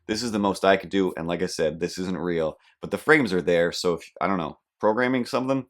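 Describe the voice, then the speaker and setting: Young man, podcast host, low voice, rambling self-deprecating comic monologue. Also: brisk. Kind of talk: comedic storytelling monologue.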